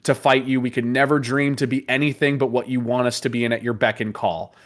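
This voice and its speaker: A man's voice: mid-range voice, fairly even intonation, fairly quick, pitched below the performer's own voice, lightly acted. A man voicing a loyal soldier who pleads submissively with his father. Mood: pleading, submissive.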